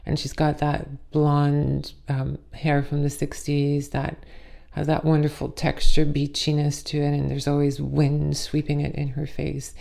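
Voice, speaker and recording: Woman host, gravelly, dark mellow tone, flat pitch, playful joking chat. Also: measured pace. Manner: playful, jokey asides. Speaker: makeup channel host. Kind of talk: casual talking-head chat.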